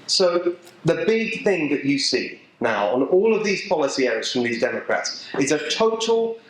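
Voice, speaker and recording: A middle-aged man with an English accent giving an animated, emphatic talk to a local political group, joking with the audience as he goes. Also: on the high side, moderate pace. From England. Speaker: political speaker. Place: event venue with a live audience. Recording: echoey room.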